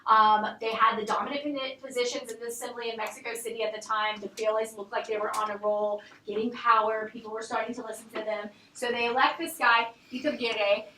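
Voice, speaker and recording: A woman's voice: on the high side, flat delivery, quick pace, hardly any pauses, sharp tone, slight background noise. A woman teacher giving a history lecture in a classroom, chatty and joking with her students as she asks them questions. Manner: chatty, jokes and laughs with students. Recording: echoey classroom from far off.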